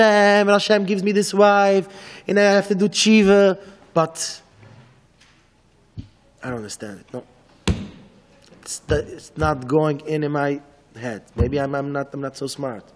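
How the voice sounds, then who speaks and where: A rabbi giving a Torah lecture in English. He speaks haltingly, repeats words and acts out back-and-forth dialogues. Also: sits high, fairly even intonation. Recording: long hall reverb.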